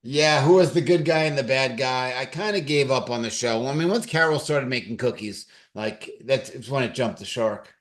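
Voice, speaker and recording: Rambling New York co-host. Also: male voice, mid-range voice, normal speed, hardly any pauses. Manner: rambling, searches for words. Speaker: podcast co-host. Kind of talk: casual chat.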